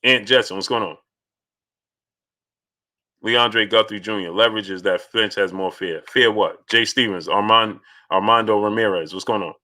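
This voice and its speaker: A man's voice: on the low side, moderate pace. A man hosting a casual live stream about boxing, arguing his points with energy while greeting viewers by name and reading their super chats. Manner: animated, greets viewers by name mid-argument.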